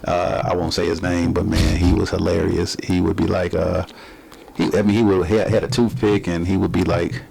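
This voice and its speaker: A man hosts a casual faith-minded interview, asking long questions full of restarts and fillers. His voice is very deep, with a gravelly edge to it. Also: flat delivery, darkish tone, a little hiss or hum. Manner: rambling, halting, many restarts and fillers. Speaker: podcast host.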